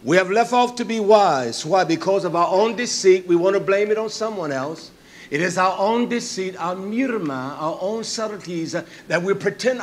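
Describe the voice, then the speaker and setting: Emphatic preacher man, high lively voice. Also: moderate pace, slight background noise. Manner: emphatic, rising to shouts and dropping to soft asides. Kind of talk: sermon.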